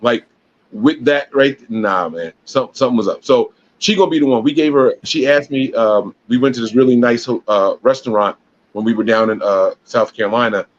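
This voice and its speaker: Co-host, male, rambling storyteller, mid pitch, muffled lo-fi podcast audio. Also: moderate pace. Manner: rambling storyteller with many restarts. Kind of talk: casual podcast chat. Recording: dull lo-fi sound.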